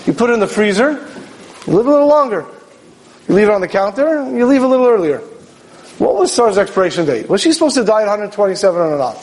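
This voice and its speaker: A man with a notably high voice delivers a Torah sermon as a rabbi. He tells it as a story, poses rhetorical questions and slips into the characters' lines as he goes. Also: very animated, quick pace, darkish tone, rough recording.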